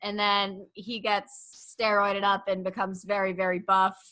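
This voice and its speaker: A woman's voice: mid-range voice, a little slow. A woman co-hosting a podcast, chatting casually and telling stories with wry humor and frequent laughter. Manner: wry, laughing, animated storytelling. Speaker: podcast co-host. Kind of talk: casual chat.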